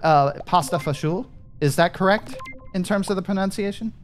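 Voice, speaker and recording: A man's voice: high voice, a little fast, faint music behind. A man casually commenting on a party game with friends, rambling and thinking aloud as he plays. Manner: rambling, thinks aloud, trails off mid-thought. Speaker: gaming streamer.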